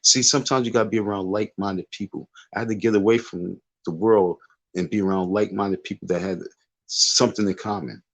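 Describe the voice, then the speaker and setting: A man's voice: lowish voice, steady tone, brisk. A man ranting on his livestream, emphatic and repetitive, dismissive as he drags out his insistence. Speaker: live streamer. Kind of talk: casual livestream rant.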